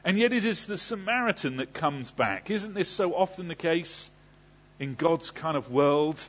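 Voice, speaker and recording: A man preaching a Sunday sermon in a slightly high, husky voice that rises and falls a lot. He asks his listeners questions and then answers them himself. The recording is dull and lo-fi. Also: lively intonation, unhurried, a bit bright. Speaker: pastor.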